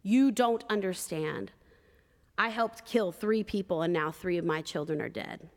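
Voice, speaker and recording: A woman's voice: on the low side, measured pace, big-room sound. A woman preacher voicing a grieving woman prisoner in her late fifties, insisting with anguished emphasis.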